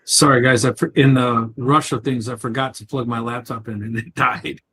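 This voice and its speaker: A man's voice: medium pitch, fairly even intonation, normal speed, pushed and bright, a little hiss or hum. A man from the United States co-hosting a livestream in casual chat, rambling and hesitant, with many fillers. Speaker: livestream co-host.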